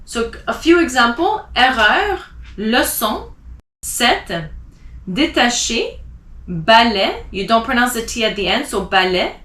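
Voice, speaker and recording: A woman teaching a language class who spells out letters and repeats example words slowly and deliberately. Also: on the high side, very animated, sharp tone. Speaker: French teacher. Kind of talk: slow pronunciation lesson. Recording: echoey room.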